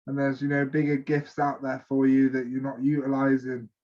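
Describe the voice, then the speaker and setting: A man's voice: mid-range voice, completely flat delivery, normal speed. A man hosting as a life coach, chatting casually and motivationally with lots of fillers. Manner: loose, filler-heavy, motivational. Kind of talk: casual conversational chat. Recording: dull lo-fi call audio.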